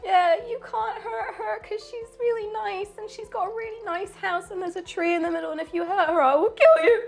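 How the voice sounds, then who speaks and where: A woman's voice: very high voice, fairly quick, gravelly. A woman playing a tearful, emotional young adventurer who sniffles and sobs. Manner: sobbing, sniffling, overwrought.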